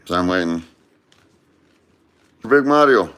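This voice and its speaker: Slow, lively rambling male storyteller. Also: deep voice, smooth. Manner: rambling, keeps mixing up names and correcting himself. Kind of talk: comedic storytelling monologue.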